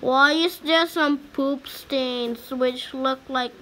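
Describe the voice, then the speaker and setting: Woman gamer, high bright voice, slangy running commentary. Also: steady tone, takes it slowly, slight background noise. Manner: chatty, exclaiming, slangy. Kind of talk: casual let's-play commentary.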